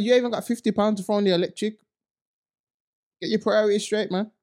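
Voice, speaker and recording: A man's voice: flat delivery, quick pace, darkish tone. A man ranting bluntly in a casual podcast chat, full of street slang. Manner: mocks others in high put-on voices. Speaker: podcast co-host.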